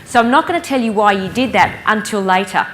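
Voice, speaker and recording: A woman giving a lively conference keynote, engaging the audience with stories and questions. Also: mid-range voice, quick pace, slight background noise. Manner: lively, playful storyteller who engages the audience. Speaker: keynote speaker. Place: conference hall stage.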